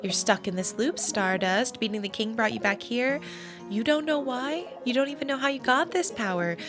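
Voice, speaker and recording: A woman reading the lines of a knowing, gently teasing guide figure in a soft, coaxing voice. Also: on the high side, lively intonation, moderate pace, close to an everyday voice. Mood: probing. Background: game music.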